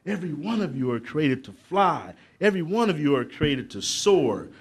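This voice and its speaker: A middle-aged man, giving a motivational speech to young people at a conference, preacherly and building to loud emphatic peaks with asides to the crowd. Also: fairly high pitch, very animated, moderate pace. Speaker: motivational speaker. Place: conference hall.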